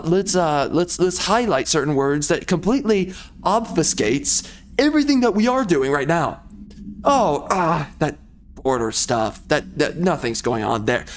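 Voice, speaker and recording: A man talks over his gameplay in a loose, rambling way that often turns into sarcastic rants. His voice sits a bit higher than most men's. Faint noise hums underneath. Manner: rambling, ranting, sarcastic asides. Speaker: gamer playing through a video game. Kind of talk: casual gameplay commentary.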